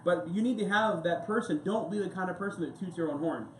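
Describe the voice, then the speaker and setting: A man's voice: high voice, a little fast, a little hiss or hum. A male pastor giving a casual, rambling sermon full of anecdotes and asides. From United States. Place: church sanctuary. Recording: echoey church room with faint ambience.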